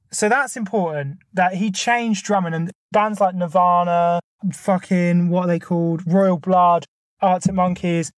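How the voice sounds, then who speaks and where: A man's voice: high-pitched, dry recording, studio quality. A man, a podcast co-host, chatting casually and building an argument point by point. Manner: argumentative, lays out numbered points. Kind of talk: casual chat.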